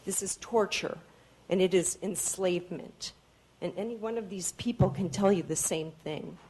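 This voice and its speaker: A woman's voice: on the low side, moderate pace, a little mellow, low-quality recording. A woman giving public testimony at a hearing, speaking earnestly and pleading, and she sounds tired. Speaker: public commenter.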